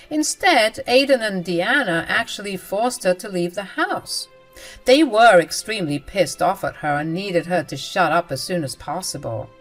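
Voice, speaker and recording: A woman's voice: fairly low pitch, rough recording. A young woman narrating her own story in a scripted, confiding and emotional way.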